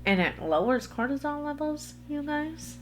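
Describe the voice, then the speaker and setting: A woman hosts a solo motivational podcast, speaking earnestly and coaching her listeners directly. Her voice is high with big swings in pitch, her pace is normal, and soft music plays behind her.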